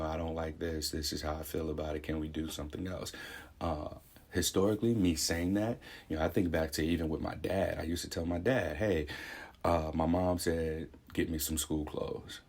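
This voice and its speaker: A young man speaking a candid, reflective personal monologue in a conversational way, thinking aloud. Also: a bass voice. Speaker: vlogger.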